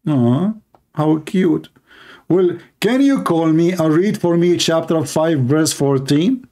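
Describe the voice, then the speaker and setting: A man's voice: a little high, expressive, slow, mellow. A man hosting a live stream, delivering a sarcastic, mocking monologue in nonstandard English grammar. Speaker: host of a live religious debate stream.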